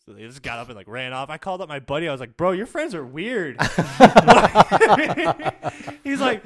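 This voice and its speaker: A man's voice: high voice, huge pitch swings, moderate pace. A man telling a profane story in casual podcast chat, laughing through the punchlines.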